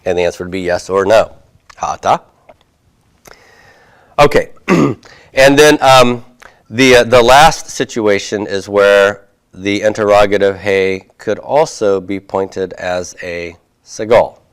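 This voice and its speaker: A man lectures on Hebrew grammar in a slightly low voice. He speaks slowly and deliberately, with frequent fillers and "okay?" checks as he writes on a board for his students. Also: smooth. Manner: writes on a board while he talks. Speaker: Hebrew teacher. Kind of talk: recorded classroom lecture.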